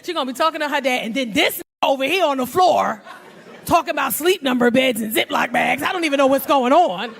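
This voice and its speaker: A middle-aged woman works a comedy club crowd with brash, profane banter. Her voice sits high and swoops all over the place. Loud audience laughter rolls in behind her. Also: animated, brisk, vocal fry, noisy background. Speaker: stand-up comedian. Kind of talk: live stand-up set with crowd work.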